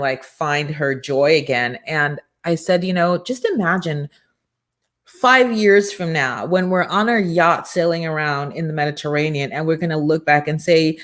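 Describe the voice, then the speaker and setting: A woman hosting a motivational morning show, talking in an energetic, preachy and emphatic way from a studio. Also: low voice. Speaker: show host and business coach.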